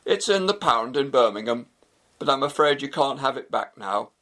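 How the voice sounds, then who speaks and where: A man voicing a formal police officer calmly delivering bad news. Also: mid-range voice, normal speed, natural voice. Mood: grave. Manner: formal, grave.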